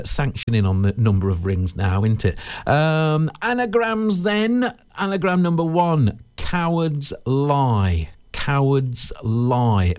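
A man in his twenties presenting local radio in a chatty, jokey, self-mocking way. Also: medium pitch. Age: 20s.

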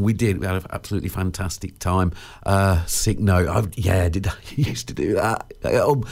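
A man's voice: deep voice, normal speed, vocal fry, darkish tone. A man presenting a local radio show in casual, rambling chat, full of 'uh' fillers and restarts, joking and laughing at his own asides. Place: radio studio.

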